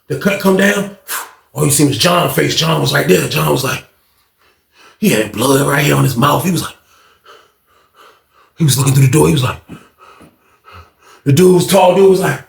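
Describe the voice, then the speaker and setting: A man telling a story in a loose, profane way, doing voices and sound effects as he goes. His voice is gravelly and fairly high, and it swings widely in pitch. The recording sounds echoey and roomy. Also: expressive, a little fast. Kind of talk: casual storytelling. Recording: roomy echo.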